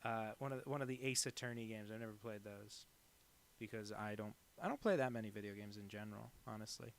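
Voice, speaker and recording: A man with a fairly low, gravelly voice streams live as a cartoonist, talking quickly. He chats casually as he draws, rambling through deadpan jokes.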